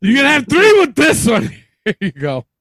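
A man's voice: very high voice, huge pitch swings, a little slow, background noise. A man hosting a casual podcast, laughing helplessly and swearing a lot as he talks. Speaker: podcast host.

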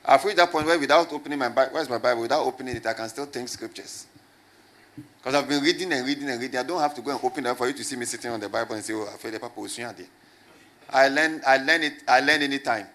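A pastor delivers a sermon to his congregation in a medium-pitched, racing, slightly bright voice. He preaches in call-and-response style, repeating questions back to the crowd.

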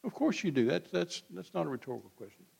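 Man, sixties, preacher, folksy and blunt, high voice. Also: big pitch swings, quick pace, creaky, a little mellow, slightly rough. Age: 60s. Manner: folksy, blunt, acts out both sides of quoted dialogue. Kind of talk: sermon. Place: church.

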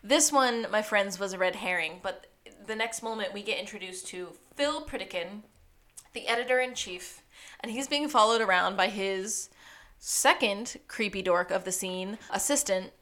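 A woman co-hosting a casual recap podcast, with a mid-pitched voice. She tells the story with wry, animated asides. The talk is loose and chatty. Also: normal speed. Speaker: podcast co-host.

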